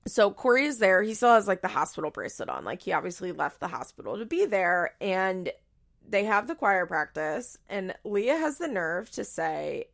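A woman's voice: medium pitch, sing-song, normal speed, creaky, a bit bright. A young adult woman hosting a podcast, recapping reality TV in a casual, chatty way, swearing freely and laughing often. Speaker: podcast host.

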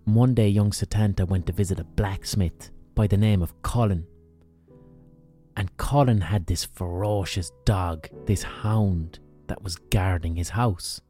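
An Irish man with a deep, mellow voice telling an old legend in a relaxed podcast monologue. He swears freely and leans hard on emphasis. Faint music plays behind him. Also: unhurried. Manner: profane, emphatic, relishes hyperbole. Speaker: podcast storyteller. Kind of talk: casual storytelling monologue.

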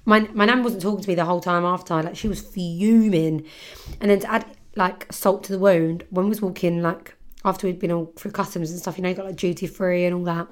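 A woman's voice: fairly low pitch, steady tone, a little fast. A young woman hosting a podcast, chatty and giggly, telling a story with casual swearing. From London, England. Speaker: podcast host.

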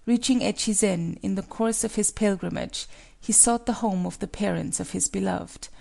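Woman with a heavily gravelly voice. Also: mid-range voice, moderate pace, dark tone. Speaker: storyteller. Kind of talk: scripted narration of a folk tale.

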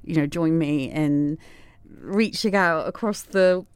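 A woman hosting a podcast, talking in an effusive, halting way with many restarts. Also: deep voice, clean tone, no room sound. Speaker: podcast host. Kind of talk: podcast interview and outro.

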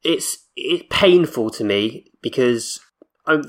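A man hosting a casual football podcast. His pitch sits in the ordinary middle range. He talks earnestly and frankly, stressing his points and restarting his sentences as he goes. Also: expressive, slow. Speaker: podcast co-host leading the discussion.

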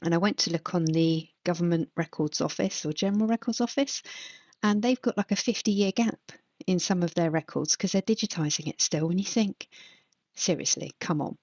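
A woman's voice: fairly low pitch, normal speed, darkish tone, no echo. A woman in her forties from England, hosting a solo podcast in a chatty, reflective way with frequent ums. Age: 40s. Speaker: podcast host. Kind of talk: casual solo podcast monologue. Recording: dull, lo-fi, dry sound.

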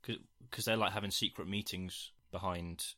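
A man's voice: low-pitched, steady tone, moderate pace, pushed and bright. A man co-hosting a podcast, casually recapping a film in a rambling way. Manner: rambling, retells scenes with quoted bits. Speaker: podcast co-host.

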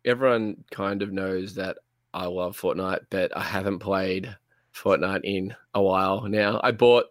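A young man talks casually with a somewhat low voice and a lot of ums and trailing sentences. He eats while he talks. His voice sounds close and dry, with no room around it. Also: fairly even intonation, measured pace, dry recording. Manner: rambling, filler-heavy, laid-back. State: eating while talking. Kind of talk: casual gaming chat.

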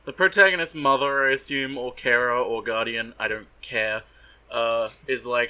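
Podcast co-host, man, bright tone, dry mocking recap style. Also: mid-range voice, fairly even intonation, moderate pace, rough recording. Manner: sardonic, swears, mock-voices characters. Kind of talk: casual recap chat.

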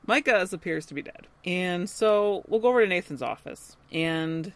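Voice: medium pitch, lively intonation, moderate pace, a bit bright, no echo. A podcast co-host in casual chat, steadily retelling a TV episode and quoting characters in passing.

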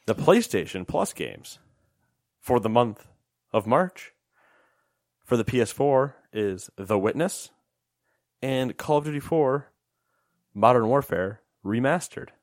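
A man's voice: mid-range voice, expressive, slow pace, pauses often, no echo, studio quality. A young man co-hosting a casual gaming podcast, joking and rambling with lots of fillers. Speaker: podcast co-host. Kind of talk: casual gaming news chat.

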